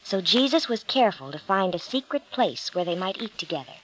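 A woman narrating a Bible story for a storybook reading, steady and clear. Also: mid-range voice, fairly quick, poor audio.

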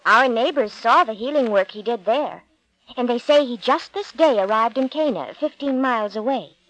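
A woman reading the part of a timid household servant in a Bible storybook, gentle and explanatory. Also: a little high, lively intonation, moderate pace, no room sound, low-quality recording.

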